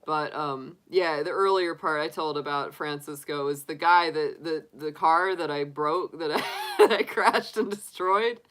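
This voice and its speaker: A middle-aged woman telling stories on a livestream in a bright, clear voice, slow and unhurried. She talks casually, laughs often and stumbles through restarts and fillers. Her voice sits a little low. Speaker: tarot reader livestream host. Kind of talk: casual chat to live viewers.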